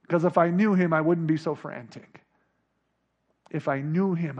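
A man preaching a sermon, dropping to a hush and then rising to near shouts as he acts out scripture. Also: on the high side, moderate pace, lo-fi sound. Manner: dramatic, swinging from hushed to shouting. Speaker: pastor.

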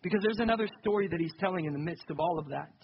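A man's voice: sits high, racing, lo-fi sound, a little hiss or hum. A young adult man preaching a sermon in a conversational, self-deprecating way that builds to emphatic peaks. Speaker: pastor.

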